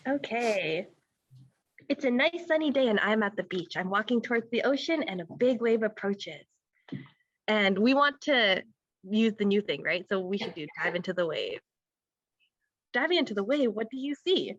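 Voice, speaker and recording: A woman's voice: medium pitch, expressive, normal speed. A woman reading her team's story aloud to an online class and asking the listeners to choose. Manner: reads aloud, then asks the audience. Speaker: workshop participant. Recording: dull, dry video call audio.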